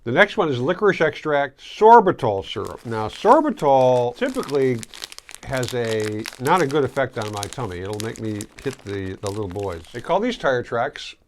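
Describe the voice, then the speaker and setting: A man of middle pitch hosts a relaxed candy tasting video, chatting to the camera and chewing as he goes. His talk is casual and easygoing, now and then muffled by the candy in his mouth. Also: normal speed, a little hiss or hum. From Michigan. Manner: chatty, chewing while talking. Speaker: host.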